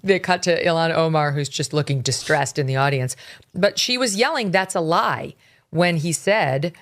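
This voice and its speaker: A woman's voice: low-pitched, moderate pace. A woman commentating on the news in a conversational way, recounting events as she goes.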